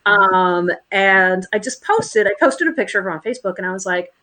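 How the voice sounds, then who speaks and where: A woman with a Boston accent, co-hosting a podcast in casual, animated chat and laughing often. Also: medium pitch, brisk, hardly any pauses, poor audio. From Boston area. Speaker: podcast co-host.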